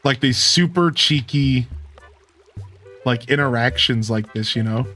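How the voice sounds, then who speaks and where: A man giving relaxed, rambling commentary while playing a video game, full of fillers. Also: mid-range voice, a little slow, faint music behind. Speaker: game streamer. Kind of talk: casual gameplay commentary.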